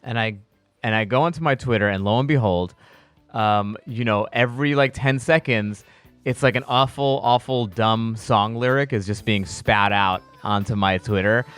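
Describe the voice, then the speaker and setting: A comedian telling a story in casual podcast chat, acting out the other people's voices with big jumps in pitch. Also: male voice, normal speed, a bit bright, smooth, dry recording, soft background music. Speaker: comedian guest.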